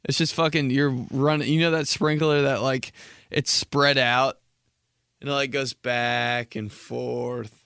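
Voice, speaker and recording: Rambling, swearing young podcast host. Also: male voice, medium pitch, flat delivery, slow, a bit bright, clean tone, no echo, studio quality. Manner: rambling, slangy, heavy swearing. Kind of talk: casual comedic monologue.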